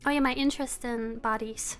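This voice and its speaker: High-voiced woman chatting on a livestream. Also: brisk, clean tone, faint music behind. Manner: chatty and relaxed, laughs often, talks to her chat. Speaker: live streamer. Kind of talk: casual live-stream chat. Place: room at home.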